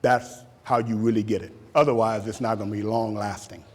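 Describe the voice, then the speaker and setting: A man in his fifties, a football coach, giving a motivational talk and taking questions, animated and repeating words for emphasis. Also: fairly low pitch, fairly quick. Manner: animated, acts out shouted quotes, laughs often. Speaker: football coach speaking at a camp.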